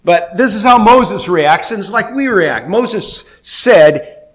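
A male pastor preaching a sermon in a conversational, animated way, acting out biblical figures and asking the congregation questions. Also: high voice, slow. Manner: conversational, asks the audience questions.

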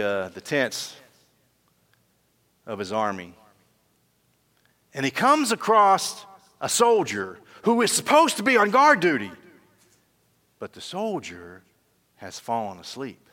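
A man's voice: medium pitch, bright, forceful tone, in a large hall. A male pastor preaching a sermon, telling a story with emphatic peaks and closing in prayer.

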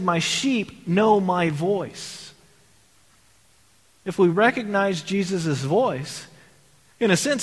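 A man's voice: high-pitched, fairly bright tone. A man from Texas preaching a sermon in a conversational way, asking the congregation rhetorical questions. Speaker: pastor. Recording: long hall reverb.

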